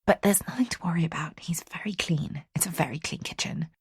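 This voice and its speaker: Smitten young woman, put on by a woman reader, hushed whisper, secretive and smiling. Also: medium pitch, expressive, normal speed, slightly rough, no echo, clean studio sound, voice pushed up.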